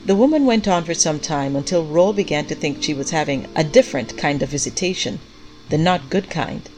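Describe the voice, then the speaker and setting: A woman with a notably low voice reads a story aloud in a measured, even way. Faint music plays softly behind her narration. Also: low-quality recording.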